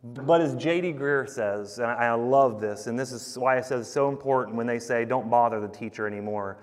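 A man's voice: mid-range voice, normal speed. A man preaching a sermon, conversational and emphatic, talking to the congregation as guys. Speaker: pastor. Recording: long hall reverb.

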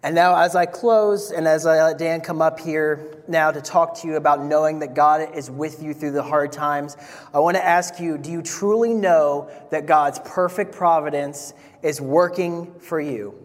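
A man's voice: fairly high pitch, fairly even intonation, normal speed. A young man giving an earnest sermon and asking the audience questions. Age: young adult. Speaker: young church teacher. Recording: long hall reverb.

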